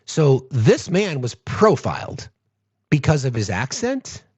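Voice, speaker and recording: A man's voice: medium pitch, sing-song, slow, a little mellow, husky, no room sound. A man hosting political commentary from home, sarcastic and profane. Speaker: host.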